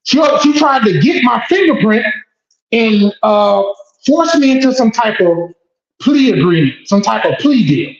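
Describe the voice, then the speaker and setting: A man who is a guest telling an emotional first-person story, animated and blunt, repeating phrases and swearing. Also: very high voice, measured pace. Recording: echoey dull lo-fi room.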